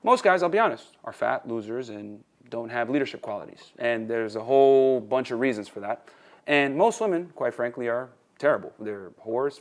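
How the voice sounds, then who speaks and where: A man giving blunt, crude opinions in a casual talk. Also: medium pitch. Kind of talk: opinionated commentary.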